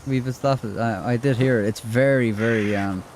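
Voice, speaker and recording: A man's voice: mid-range voice, normal speed, background noise. An Irish man chatting loosely over gameplay, rambling with fillers and restarts. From Ireland. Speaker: gaming streamer. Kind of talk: casual gameplay commentary.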